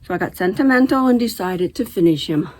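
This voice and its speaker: A woman's voice: mid-range voice, expressive, brisk. A middle-aged woman hosting a knitting video, chatting casually to camera and laughing easily as she talks. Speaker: knitting podcast host.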